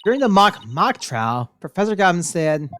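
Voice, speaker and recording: A woman's voice: lowish voice, sing-song, normal speed, slight background noise. Woman streamer reading game lines aloud. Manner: voices every character, laughs at her own strained voice.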